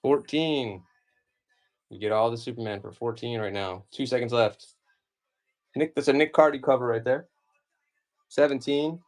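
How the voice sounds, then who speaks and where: A live-stream comic seller, a man in his forties from the United States, chats loosely during his auction. His pitch sits in an ordinary middle range, and his rambling talk wanders from thought to thought, full of "like" and "you know".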